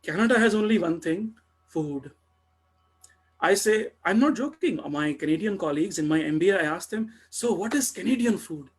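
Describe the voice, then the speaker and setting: Husky-voiced Indian man on a webinar. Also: high voice, moderate pace. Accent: Indian English. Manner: mixes Hindi into English, emphatic repetition. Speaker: webinar panelist. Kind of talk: animated webinar talk.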